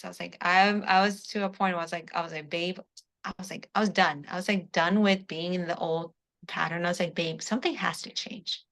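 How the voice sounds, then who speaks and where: A woman's voice: fairly low pitch, steady tone, fast talker, fairly bright tone. A woman giving an earnest, spiritual testimonial in an interview, close to tears and often repeating "I was like.". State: emotional, near tears. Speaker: coaching client giving a testimonial.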